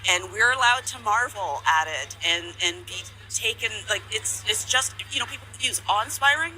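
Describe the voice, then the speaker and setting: A woman guest in a live broadcast interview, emotional and halting as she talks. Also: on the high side, animated, sharp tone, a little hiss or hum, rough recording. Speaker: guest, eclipse chaser.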